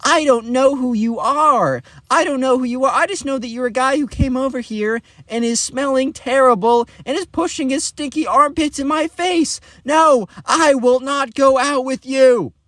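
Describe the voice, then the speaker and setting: A haughty teenage schoolgirl, put on by a man telling a story, with a voice pushed well up into a shrill, squeaky register. Her tone sounds thin and strained, unlike a natural voice, and she is blunt and openly disgusted. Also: normal speed, hardly any pauses, no room sound, natural voice. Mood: disgusted, indignant. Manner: shrill, indignant and cutting.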